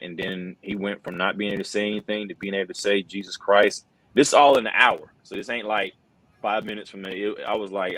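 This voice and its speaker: A man's voice: deep voice, a bit bright, poor audio. A middle-aged wrestling commentator, telling an earnest personal story in a casual interview, full of fillers like "bro" and "man.".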